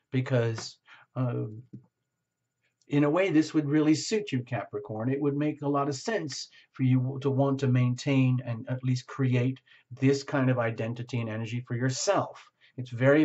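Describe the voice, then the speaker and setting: A man doing a tarot reading, talking frankly and searching aloud for the right words. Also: mid-range voice. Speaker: tarot reader. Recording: slightly muffled lo-fi recording.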